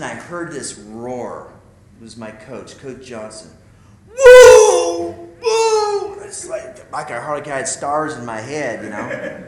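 A man's voice: medium pitch, a bit bright, echoey room, slight background noise, low-quality recording. A man telling a personal story in a sermon-like talk, speaking straight to the men as "guys" in a casual, conversational way. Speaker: speaker at a men's ministry.

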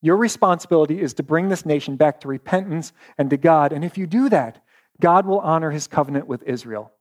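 A man's voice: a little high, a little fast, lightly acted. A man voicing a frustrated prophet who pleads with a king in urgent, incredulous tones. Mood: pleading.

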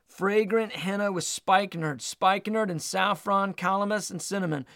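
High-voiced gravelly male preacher. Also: moderate pace, no echo, studio quality. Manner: reads scripture aloud, warm emphatic teaching. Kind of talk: sermon teaching.

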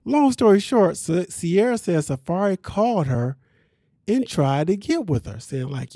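A man hosting a podcast, recapping a reality show in casual, slangy talk, animated and laughing often. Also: high voice, a little slow, dry recording, clean studio sound.

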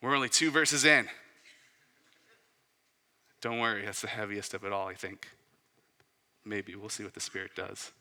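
A man's voice: on the low side, steady tone, normal speed, pauses often, sharp tone. A man in his thirties preaching a sermon as a pastor, conversational, with asides and rhetorical questions. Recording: reverberant hall.

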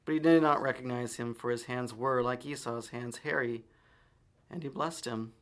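Man reading scripture, measured. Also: mid-range voice, a bit bright. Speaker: reader.

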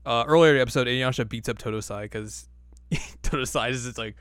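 A man's voice: mid-range voice, quick pace, fairly bright tone, smooth, dry recording, clean studio sound. Laughing man recapping an anime. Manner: laughing, rambling, acts out quotes. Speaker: podcast co-host. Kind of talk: casual anime recap chat.

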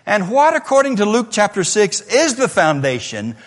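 A man's voice: sits high, wildly swooping pitch, moderate pace. A middle-aged man preaching a sermon in a church, in an earnest, conversational way with many rhetorical questions, heard in an echoey hall. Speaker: pastor. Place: church sanctuary.

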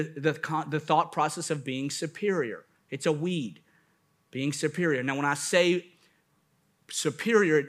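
A man's voice: fairly high pitch, a bit bright. A man pastor preaching a sermon at a church service, with rising bursts of emphasis and playful asides.

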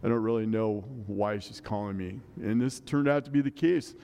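A man's voice: lowish voice, normal speed, vocal fry, dark tone, clean tone. A middle-aged man preaching a sermon in a church, earnest and conversational, with many rhetorical questions. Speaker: pastor. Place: church sanctuary. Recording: long hall reverb.

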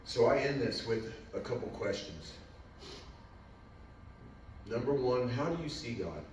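A man preaching as a guest speaker, whose voice swings from quiet reflection to loud, fervent pleading in prayer. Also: medium pitch, animated, measured pace, slight background noise. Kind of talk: sermon. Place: church sanctuary. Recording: echoey church hall from far off.

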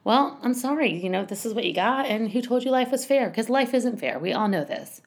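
A woman's voice: fairly high pitch, animated, fairly quick. A woman giving casual parenting advice in a chatty, rambling way, full of asides and restarts. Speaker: parenting coach.

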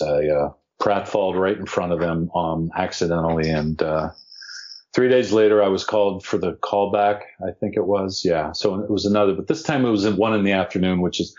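An older man with a lowish voice spins a showbiz anecdote with relish, playing the other people in it and poking fun at himself. The audio is dull and lo-fi. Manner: animated, acts out quoted voices, self-deprecating. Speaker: podcast guest, actor. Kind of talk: anecdotal storytelling.

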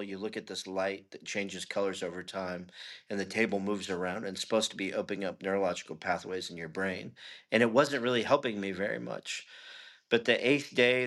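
A man's voice: lowish voice, a bit bright. A middle-aged man, a pastor, telling a personal testimony in an interview in an earnest, conversational way. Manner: earnest, conversational storytelling with frequent "you know".

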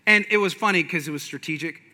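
A man's voice: on the high side, quick pace, sharp tone. A man in his thirties preaching a sermon with passion and energy, mixing in folksy asides. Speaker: pastor.

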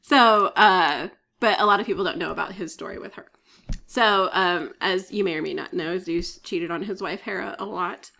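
A woman co-hosting a podcast retells a myth in a chatty, storytelling manner, with plenty of fillers and frequent coughs. Her voice sits on the low side, a bit bright, with vocal fry.

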